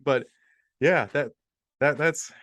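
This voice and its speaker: A man's voice: on the high side, slow, fairly bright tone, no room sound, clean studio sound. A male podcast co-host chatting casually on a video call, giggling and rambling as he stumbles over his words. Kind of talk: casual comedic chat.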